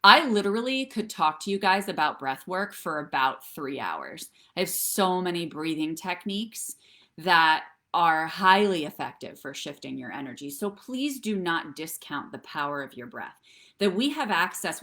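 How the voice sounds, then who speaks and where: On a live stream, a wellness coach in middle age walks viewers through tapping and breathwork, keeping it conversational with regular "right?" and "okay?" check-ins. Her voice sits on the low side and comes across bright and forceful.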